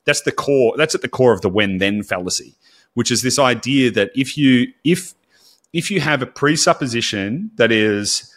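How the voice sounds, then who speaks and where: A man's voice: medium pitch, lively intonation, a little fast, a bit bright. Blunt man chatting on a podcast. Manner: candid, blunt, swears casually, acts out quotes. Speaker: podcast co-host. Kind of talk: casual podcast chat.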